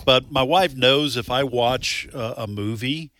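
A man's voice: mid-range voice, a little slow, fairly bright tone. A male radio host, chatting in a rambling way with many restarts and chuckles. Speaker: radio talk show host. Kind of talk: casual studio talk. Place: radio studio.

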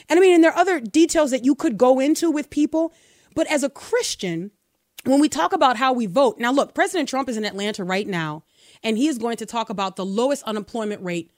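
A woman co-hosting a talk radio show, telling a story in an animated, emphatic way. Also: high voice, brisk, dry recording, clean studio sound. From United States. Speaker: radio co-host.

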